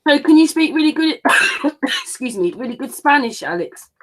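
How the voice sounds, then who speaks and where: A woman's voice: high voice, expressive, normal speed, fairly bright tone. A woman chatting casually on a panel call, telling stories and teasing the others. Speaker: panel guest. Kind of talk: casual chat.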